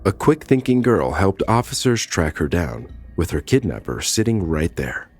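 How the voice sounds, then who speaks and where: A man reading scripted true-crime narration in a measured, even delivery. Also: sits low, slight background noise.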